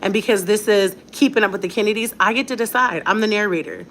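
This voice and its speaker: A woman's voice: medium pitch, fast, fairly bright tone, a little hiss or hum. A young woman talking straight to her viewers in a casual vlog, blunt and defiant, with a lot of slang. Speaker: vlogger.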